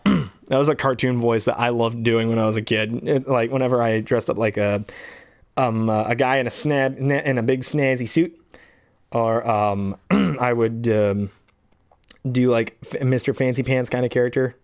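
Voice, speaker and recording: A man's voice: medium pitch, fairly even intonation, normal speed, a little mellow, no room sound, studio quality. Rambling, chuckling young man. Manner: rambling, chuckling, self-deprecating. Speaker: hobby voice actor. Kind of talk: casual chat about voices and impressions.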